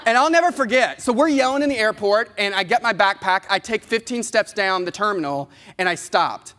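A man, giving an animated, playful motivational keynote and talking straight to the audience. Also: high voice, brisk, slight background noise. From Kentucky, US. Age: 30s. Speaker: keynote speaker. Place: large conference hall. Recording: long hall reverb.

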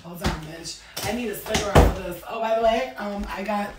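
A woman's voice: medium pitch, brisk, heavy background noise. A woman giving a casual tarot reading in a brash, profane, rambling way, wandering off on tangents. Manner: goes off on tangents. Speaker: tarot reader.

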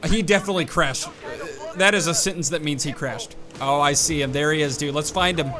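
A man's voice: fairly high pitch, brisk. A man hosting a gaming channel, giving casual, jokey gameplay commentary and often saying "dude". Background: game music.

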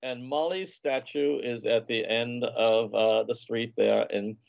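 A man's voice: mid-range voice, fairly even intonation, measured pace, gravelly, no room sound, highs cut off. A man guest on an interview show, a food and travel writer telling leisurely, anecdotal stories in casual conversation.

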